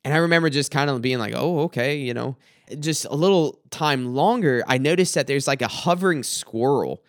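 A man's voice: mid-range voice, a little fast, dry recording, clean studio sound. A young adult man, a student pastor, telling a personal dream story in a hesitant way, often restarting and repeating words.

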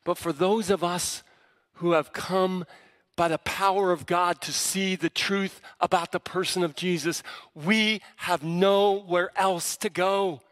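A man's voice: high voice, steady tone, slow pace, a bit bright. A man preaching a sermon as pastor, teaching in a conversational way that builds to fervent emphasis. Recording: long reverb of a large hall.

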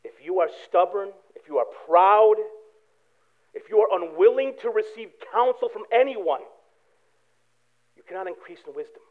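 A man preaching a sermon, telling a personal story with animated swings from hushed prayer to loud excitement. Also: sits high, normal speed, long pauses. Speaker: pastor. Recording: tinny phone-like sound.

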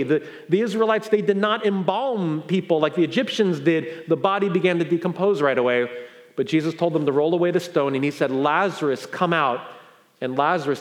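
A man preaching a sermon as pastor, conversational with fillers and restarts, building to incredulous emphasis. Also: sits high.

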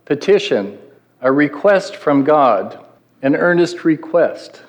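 A man's voice: a little high, animated, takes it slowly. A middle-aged man preaching a sermon in an earnest teaching manner, putting questions to his listeners. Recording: long hall reverb.

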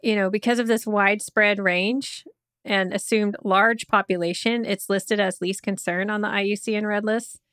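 A woman's voice: mid-range voice, steady tone, normal speed, fairly bright tone, no echo, clean studio sound. Chatty woman reading facts aloud. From Oklahoma. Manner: chatty, reads notes with asides and laughs. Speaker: podcast co-host.

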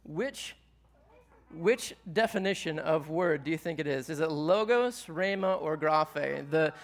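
A man's voice: on the high side, moderate pace. A man preaching a sermon to a live audience in a conversational way, asking them questions as he teaches. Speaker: pastor.

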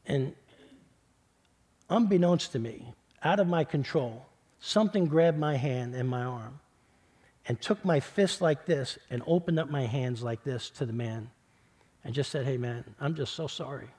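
A middle-aged male pastor from New York telling a personal story in a sermon, talking conversationally, repeating words and sometimes dropping to a hushed voice. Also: mid-range voice, a little slow, long pauses, husky. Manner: conversational, repeats words, builds then drops to a hush.

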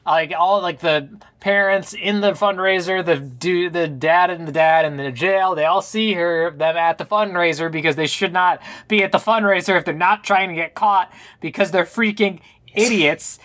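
A man's voice: high-pitched, normal speed. A man co-hosting a podcast, sarcastically recapping a movie in casual chat and mimicking the characters. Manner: sarcastic, animated retelling with put-on quotes. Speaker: podcast co-host.

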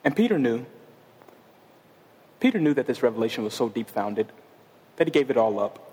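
A man's voice: mid-range voice, big pitch swings, moderate pace, dark tone. A male pastor preaching a sermon in a casual, conversational way, with jokes and asides. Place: church sanctuary with a stage. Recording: long reverb of a large church hall.

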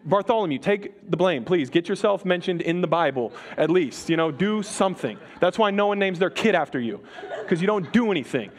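A man's voice: high-pitched, lively intonation, brisk. A man voicing a flustered male disciple, comic and pleading. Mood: exasperated.

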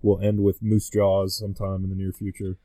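Brief: man, low voice, podcast guest, rambling casual talk, dry close sound. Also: monotone, a little fast, dark tone, no echo. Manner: rambling, full of fillers and restarts. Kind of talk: casual chat.

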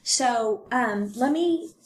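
A woman talks through a true-crime case in a relaxed podcast chat. She paraphrases and reads bits aloud with loose fillers and restarts. A faint background hiss sits under her voice. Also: on the high side, very slow. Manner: chatty storytelling with fillers. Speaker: podcast co-host.

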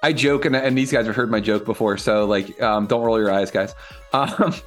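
A man chatting as a podcast guest, telling animated, profane stories. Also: on the low side, moderate pace, soft background music. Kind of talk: casual chat.

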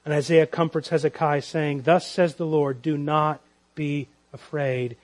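A man's voice: fairly high pitch, little pitch movement, measured pace. A man preaching an expository sermon as pastor to a congregation, pressing his listeners with emphatic, repeated rhetorical questions.

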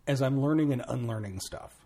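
A man's voice: medium pitch, brisk, mellow. A man hosting a podcast, posing thoughtful questions to his guest. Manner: thoughtful, searching phrasing. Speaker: podcast host. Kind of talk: interview questions.

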